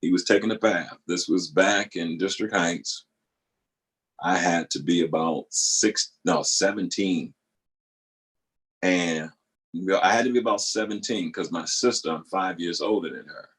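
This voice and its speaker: A middle-aged man telling a family story in a casual monologue. His voice sits at an ordinary pitch, and his delivery stays loose and conversational. When he quotes people he jumps into high squealing voices. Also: measured pace, a bit bright, low-quality recording. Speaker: vlogger.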